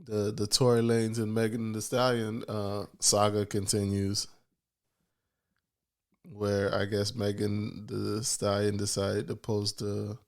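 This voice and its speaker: A man's voice: fairly low pitch, completely flat delivery, takes it slowly. Chill guy on a podcast, blunt and cussing, just talking. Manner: laid-back, blunt, swears casually. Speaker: podcast co-host. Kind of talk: casual chat.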